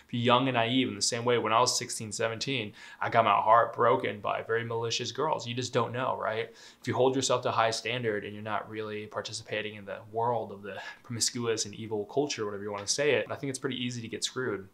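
A man's voice: on the low side, fairly even intonation, fast, creaky, fairly bright tone. A young man giving relationship advice in a casual, candid monologue, swearing freely, laughing lightly mid-sentence and tossing in "right?" asides.

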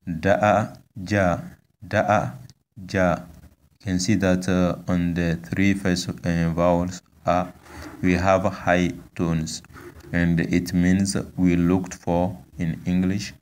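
A man with a very deep voice gives a language lesson, speaking slowly and flatly. He repeats each word with patience and pauses often to hesitate. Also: clear, resonant tone. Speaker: language teacher. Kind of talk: slow spoken language lesson.

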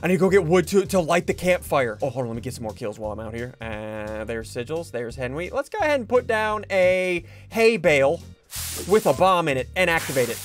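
A young man hosting a gaming video, giving excited, giggly commentary to his viewers as he plays. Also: a little high, a little fast, faint music behind. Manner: hyped, giggly, talks to viewers while playing.

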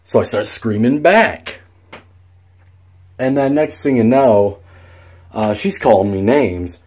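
A man's voice: mid-range voice, expressive, takes it slowly, darkish tone, breathy edge. A young man telling a story in a casual vlog, rambling with many fillers and restarts and swearing freely. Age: young adult. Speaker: vlogger.

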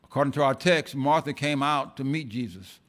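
A male pastor preaches an impassioned sermon in a church, his medium-pitched voice brisk. He swings from loud outbursts to hushed asides and often repeats words.

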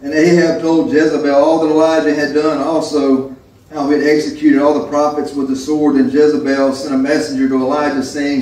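Preacher in a very echoey church. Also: male voice, on the high side, flat delivery, fairly quick, darkish tone. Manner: reads scripture then preaches conversationally, acts out quoted voices. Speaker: pastor. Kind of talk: sermon. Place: church sanctuary. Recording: very echoey church hall, mic far off.

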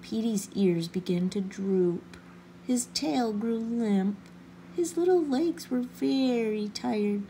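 A woman reading a children's picture book aloud with gentle, expressive narration. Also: a little high, slow pace, a little hiss or hum. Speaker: children's story reader. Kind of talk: storybook read-aloud.

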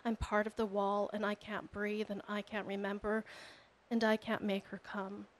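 Woman, poet, literary reading, measured delivery, steady tone. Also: mid-range voice, slight background noise, low-quality recording. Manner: measured, expressive reading of her own prose poetry.

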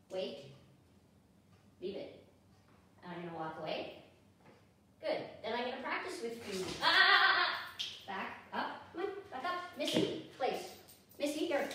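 A woman dog trainer teaching a hands-on lesson, giving the dogs brisk commands between explanations. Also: high-pitched, distant mic, slight background noise. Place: indoors at home with dogs. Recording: echoey room, voice from off the mic.

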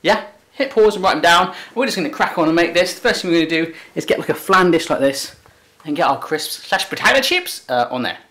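A man's voice: a little high, animated, a little fast, pushed and bright, a little hiss or hum. An English man hosting a casual cooking vlog from a home kitchen, chatty, jokey and upbeat. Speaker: cooking show host.

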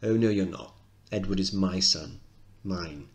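A man voicing a cold, threatening wealthy mother in a low, controlled voice, reading the play aloud. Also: measured pace, vocal fry. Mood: harsh.

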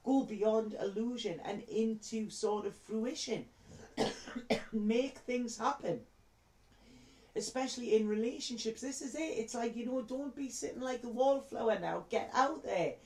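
A woman's voice: a little high, unhurried, a little mellow, reverberant. A woman, a tarot reader telling a heartfelt story to camera in a chatty way. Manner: heartfelt, chatty, repeats words.

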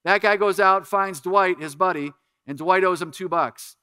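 Bright, crisp-voiced male pastor preaching. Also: high voice, normal speed, no echo, clean studio sound. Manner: animated preaching, dropping to soft earnest appeals. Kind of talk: sermon.

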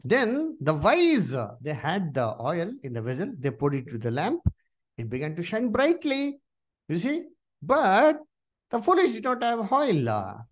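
A man teaching a Bible study, asking his listeners questions and filling pauses with "uh" and "you see.". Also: high voice, wildly swooping pitch.

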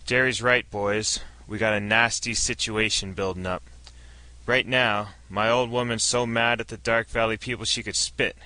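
A man's voice: lowish voice, steady tone, moderate pace, sharp tone, clean tone, no room sound. A male narrator voicing a weary, burly small-town sheriff who talks in a folksy, plain-spoken way.

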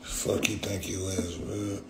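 A man's voice: deep voice, little pitch movement, slow, fairly bright tone, slight background noise. A man ranting on a livestream in a profane, confrontational way. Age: adult with young kids. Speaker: rapper streaming live. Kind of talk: livestream rant.

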